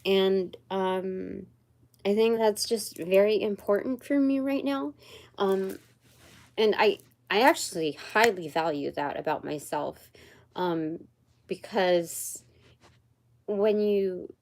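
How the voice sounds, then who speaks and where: A woman giving a livestreamed tarot reading in a slow, meandering way, pausing often and searching aloud for words. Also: medium pitch, a little mellow. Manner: slow and meandering, many pauses and fillers. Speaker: tarot reader and channeler. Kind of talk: livestreamed spiritual card reading.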